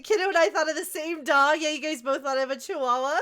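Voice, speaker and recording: A woman's voice: sits high, quick pace, a bit bright. A woman streaming a game live from home, bubbly and giggly, chatting affectionately with her viewers.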